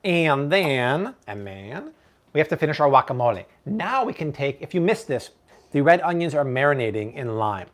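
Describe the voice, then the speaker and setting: A man's voice: a little high, very animated, moderate pace. A man hosting a live-stream cooking show from his home kitchen, chatting playfully and joking with his viewers. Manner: playful, jokey, puts on mock accents.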